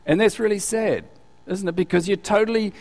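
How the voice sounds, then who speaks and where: A man preaching a casual, conversational sermon, his voice sitting a little high for a man. He keeps asking the congregation rhetorical questions and stumbles over repeated words as he goes. A long hall reverb trails behind every phrase. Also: a little fast, darkish tone. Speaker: pastor.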